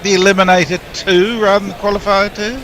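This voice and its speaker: A man with a high-pitched voice trades wry, opinionated banter as a cricket co-commentator. He sounds playful and outspoken. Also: little pitch movement, fast, fairly bright tone, a faint crowd, slight background noise.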